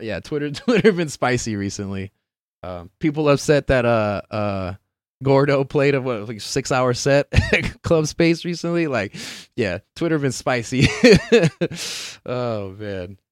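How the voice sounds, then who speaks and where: A man chats loosely on a live stream, drifting from point to point, laughing at his own jokes and cursing casually. His voice sits at an ordinary middle pitch. The sound is dry and close, with no room echo. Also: expressive, a little slow, smooth. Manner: rambling, laughs often, swears casually, slangy. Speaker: podcast host streaming live.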